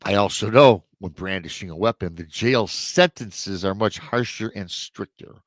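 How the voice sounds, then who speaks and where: A man's voice: fairly low pitch, normal speed, dry recording. A man hosting a show, casually retelling a listener's true encounter story with rambling asides to his audience. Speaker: host and storyteller.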